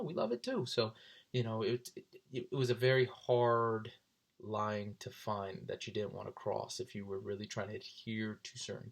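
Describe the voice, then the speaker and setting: A young man in his twenties, casually telling stories, often jumping into high voices for people he quotes. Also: vocal fry. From South Jersey. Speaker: vlogger. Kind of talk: casual storytelling.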